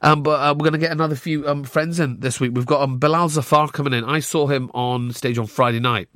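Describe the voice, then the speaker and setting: A man's voice: fairly high pitch, steady tone, quick pace, fairly bright tone, no room sound. A man with a Glaswegian accent hosting a radio show, chatting and teasing his co-hosts in a studio. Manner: joking, teasing, playful. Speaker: radio host. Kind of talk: casual studio chat.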